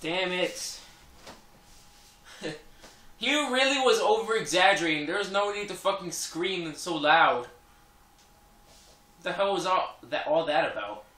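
A man commentates on a video game, cursing constantly and breaking into loud outbursts and laughter. His voice is high and his pace is slow and drawn out. The room echoes, and game music plays behind him. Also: expressive, far from the mic. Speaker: gameplay commentator. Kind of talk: let's play commentary.

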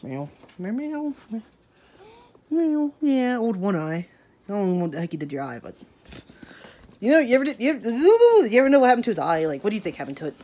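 A woman's voice: medium pitch, wildly swooping pitch, quick pace, warm tone, slight background noise. A woman, chatting in a casual, rambling vlog, full of laughing asides and "hashtag" quips. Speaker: daily vlogger.

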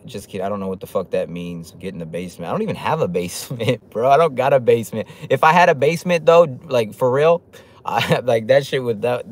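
A livestream host with a lowish, somewhat mellow voice reads out comments from his chat. He keeps it loose and profane, stumbling through fillers and restarts while laughing frequently.

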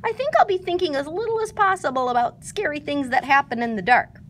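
A tiny, timid storybook piglet, as a woman puts him on. He speaks high and nervously, his voice jumping around as his worries spill out. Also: expressive, a little fast, a bit bright, a little hiss or hum. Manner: nervous, gulping.

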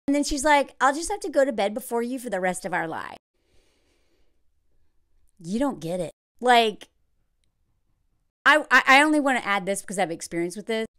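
A married adult woman giving blunt, animated reaction commentary on a reality show, with mocking impressions and laughs. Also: fairly high pitch.

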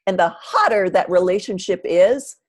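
A woman hosting a podcast interview, often agreeing with her guest through soft "mm-hmm"s and an eager "absolutely." She thinks aloud at an even, everyday pitch. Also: normal speed. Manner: warmly affirming, with frequent "mm-hmm" and "absolutely". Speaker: podcast host.

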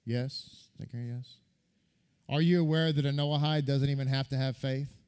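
A man, a rabbi, preaching a sermon to a congregation in an animated way, firing rhetorical questions at his listeners. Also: medium pitch, normal speed, smooth. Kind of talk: sermon teaching.

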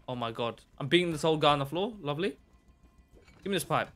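A young man giving chatty live commentary while playing a game, excitable and bursting into shouts. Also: fairly high pitch, quick pace, faint music behind. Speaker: live streamer.

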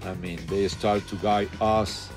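A man with a Cuban accent recounts his past in a documentary interview, voice sitting low. He swears constantly and plays out the other people in his story. Soft music runs quietly behind him. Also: a little slow. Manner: profane, animated storyteller acting out quotes.

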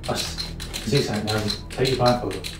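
A man playing a calm haunted-house guide. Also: on the low side, brisk, very noisy, close to an everyday voice. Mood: coaxing. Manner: calm, coaxing instructions. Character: male haunted-attraction guide leading a blindfolded guest. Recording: distant, echoey over loud music.

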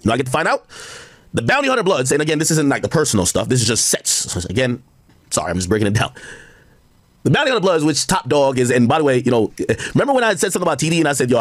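A man's voice: medium pitch, no echo, studio quality. A man talking on his own stream in a casual, rambling way, explaining gossip with quoted asides. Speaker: internet commentator in a played clip.

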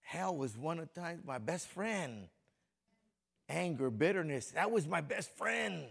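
In a slightly high, bright, creaky voice with a breathy edge, a middle-aged Compton, California pastor preaches at a measured pace. He's expressive and conversational, addressing congregation members directly.

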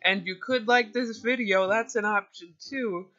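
Rambling male vlogger with a bright, sharp voice and a slow, unhurried delivery, on a dull lo-fi recording. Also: high voice, faint music behind. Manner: hesitant, rambling, self-deprecating, with many fillers and restarts. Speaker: video creator summarizing a book. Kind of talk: casual rambling summary.

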